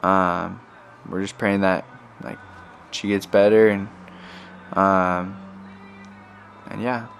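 A man's voice: deep voice, level tone, takes it slowly, vocal fry, pauses often, faint music behind. A young man, a missionary, telling stories in a casual recorded message to his family, rambling with many fillers. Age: young adult.

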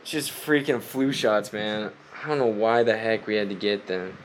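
This young adult missionary's update home is loose and rambling, packed with "like"s and regular laughter. His lowish voice sounds a bit congested from a cold and moves at normal speed. Slight background noise comes through.

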